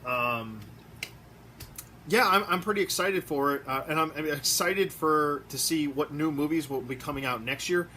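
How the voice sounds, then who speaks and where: Man, toy collector vlog, rambling, excitable, slightly high pitch, bright tone, home room. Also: moderate pace, slight background noise. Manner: excitable, rambling, many fillers. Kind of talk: casual rambling review vlog.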